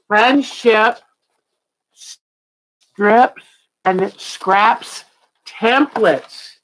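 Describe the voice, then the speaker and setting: A woman's voice: mid-range voice, low-quality recording. A woman hosting a casual quilting livestream, gushing and exclaiming "oh" as she opens a package. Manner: gushing, exclaims "oh" often, chatty. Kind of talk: casual livestream unboxing chat.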